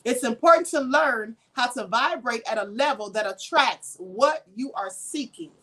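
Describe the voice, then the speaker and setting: A Kentucky-raised woman with a high, slightly bright voice teaches on a spiritual livestream at a moderate pace. Her style is conversational and preachy, full of rhetorical questions, and she answers chat comments as she goes.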